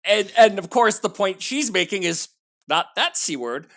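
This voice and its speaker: Guy guesting on a movie podcast, super animated, pitch jumping all over, lots of yes yes. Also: measured pace. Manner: animated, emphatic, lots of agreeing. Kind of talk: casual film discussion.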